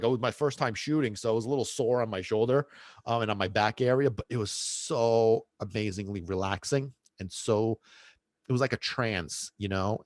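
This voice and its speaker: A man's voice: mid-range voice, no echo. A middle-aged man hosting a podcast, telling a casual story in a rambling way with many restarts and asides. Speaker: podcast host and dog trainer.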